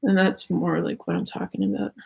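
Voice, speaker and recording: A young adult woman gives a casual spiritual tarot reading in a mid-range, husky voice with vocal fry, slightly mellow and flatly delivered at a little fast pace. She rambles, leans heavily on "like" fillers, and sounds slightly out of breath.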